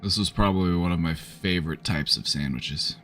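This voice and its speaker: Deep-voiced man, loose rambling stream chatter, faint music underneath. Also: a little fast, a bit bright. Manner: rambling, chatty, lots of fillers. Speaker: streamer offering support. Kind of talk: casual live-stream chat.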